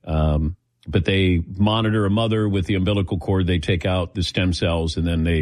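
A man's voice: low voice, steady tone, moderate pace, a little mellow, dry recording, studio quality. A middle-aged man, a show host, telling a chatty personal story and acting out the voices of people he quotes. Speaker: host taking audience questions. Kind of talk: casual storytelling.

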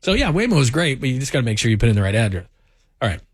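A man's voice: medium pitch, big pitch swings, rapid-fire, slightly rough, dry recording, studio quality. A man hosting a sports talk radio show, telling stories in a chatty way with lots of fillers. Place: radio studio. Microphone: studio microphone.

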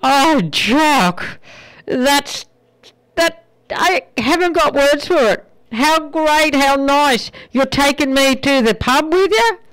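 Radio host putting on a gushing little Scottish wife. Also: female voice, sits high, animated, slow pace, a bit bright, voice pushed up, heavily acted, poor audio. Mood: delighted. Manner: gushing, breathless with delight. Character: thrilled Scottish wife, small.

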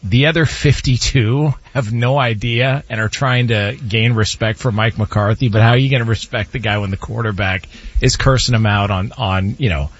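A man's voice: medium pitch, normal speed, husky, lo-fi sound. A man hosting a sports radio show, telling funny stories with lots of laughter. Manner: laughing storyteller, shouts when imitating. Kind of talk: casual sports talk.

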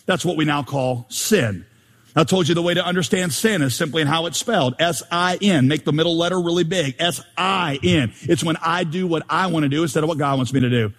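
A man with a high, husky voice preaches a lively sermon full of jokes and rhetorical questions. His words ring out with a long reverb, as if in a large hall. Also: quick pace. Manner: animated, joking, rhetorical questions. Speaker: pastor.

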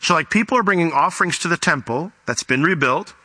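Bright-voiced male pastor preaching. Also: fairly high pitch, animated, fast. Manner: expository preaching with scripture reading and asides. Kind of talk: sermon.

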